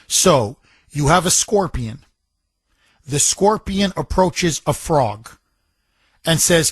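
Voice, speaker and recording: A man's voice: fairly high pitch, lively intonation, slow pace, pauses often, husky, dry recording. A man hosting a talk radio show, taking calls and telling a story emphatically, repeating phrases for effect.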